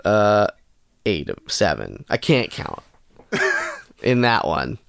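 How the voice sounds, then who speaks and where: A man's voice: on the low side, huge pitch swings, slow, vocal fry, fairly bright tone, smooth, no room sound. A man co-hosting a comedy podcast, chatting casually, giggling and rambling. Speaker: podcast co-host.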